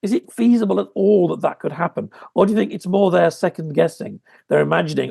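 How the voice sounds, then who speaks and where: A male co-host asks measured, clarifying questions in a strongly gravelly, husky voice. His pitch is fairly high for a man and moves a lot. The sound is dry and close. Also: warm tone, dry recording. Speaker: podcast co-host. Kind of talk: interview questions.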